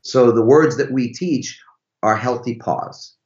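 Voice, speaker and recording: In a roomy, slightly dull recording, a podcast guest who is a relationship teacher speaks slowly in a mid-range, darkish voice. His casual interview style is emphatic and full of rhetorical questions.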